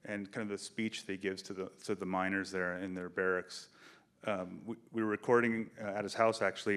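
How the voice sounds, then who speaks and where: In front of a theater audience, a director speaks at a festival Q&A, his voice fairly low as he recounts what happened behind the scenes. His delivery is easygoing yet lively, and he breaks into quoted dialogue, performing the lines as he goes.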